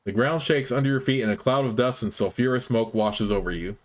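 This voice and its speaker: A man narrates a fantasy game, reading its text aloud in a measured, even voice. His pitch sits in the ordinary middle range. Faint ambient noise sits underneath. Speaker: let's play host.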